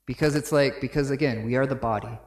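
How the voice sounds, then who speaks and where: A pastor in a church sanctuary preaches his sermon conversationally, his mid-range male voice moving fast through a roomy space. He keeps checking in with the congregation, dropping in frequent "right?" asides.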